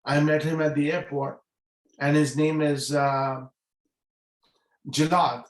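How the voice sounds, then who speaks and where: A man's voice: fairly high pitch, flat delivery, slow pace, echoey room, rough recording. A middle-aged man speaking as a guest at a business meeting over a video call, earnest and repeating key phrases for emphasis. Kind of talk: motivational talk on a video call.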